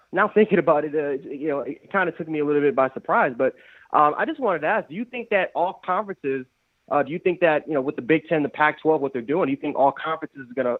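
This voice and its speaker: A man's voice: a little high, no echo. A man calling in to a sports talk show, asking hesitant questions with lots of fillers over a tinny phone line. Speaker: caller.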